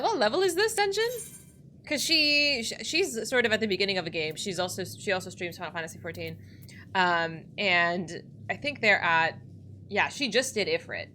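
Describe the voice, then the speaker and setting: A woman's voice: lowish voice, pushed and bright, a little hiss or hum. A woman streaming a video game, chatting casually with viewers, giggly and emotional, often laughing through tears, with many restarts. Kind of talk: casual livestream chat while gaming.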